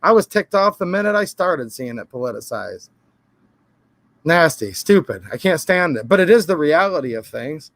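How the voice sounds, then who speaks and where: Stream host, male, high voice, rambling emphatic delivery, dry home-studio sound. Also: sing-song, moderate pace, a bit bright, no room sound. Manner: rambling, emphatic, defensive asides. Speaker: channel host answering viewer comments. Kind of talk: casual live-stream talk.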